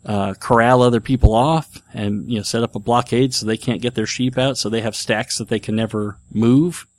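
This middle-aged man's mid-range voice is darkish and fairly even in intonation, at a normal speed. As a podcast host, he chats casually and enthusiastically about board games, rambling with fillers.

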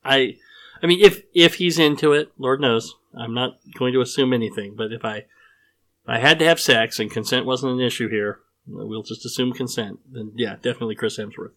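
A man's voice: mid-range voice, brisk, a bit bright. Brief: male podcast host, jokey and teasing, mid-range voice, casual reads. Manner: playful, jokey, reads listener answers aloud.

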